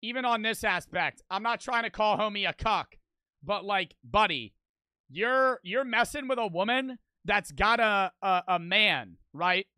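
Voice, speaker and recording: A young man riffing casually on a live stream, profane, blunt and animated as he reacts to a video and reads out donations. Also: sits high, unhurried, no room sound.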